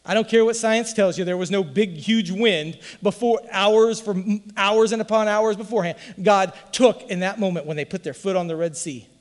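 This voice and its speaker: A man's voice: high voice, moderate pace, few pauses, long reverb tail. A man preaching a sermon in an emphatic, folksy way, full of rhetorical questions. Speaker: pastor.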